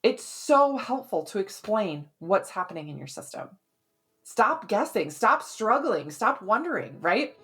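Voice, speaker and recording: A woman's voice: medium pitch, very animated, measured pace, fairly bright tone, soft background music. A woman hosting a health podcast as a hormone expert, explaining in a chatty, conversational way and often checking in with "right?".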